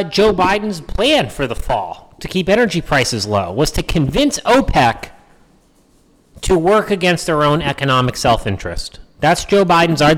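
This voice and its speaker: A man's voice: fairly high pitch, fairly bright tone, long reverb tail. A man hosting a political podcast, talking in a wry, sarcastic, rambling way. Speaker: podcast host.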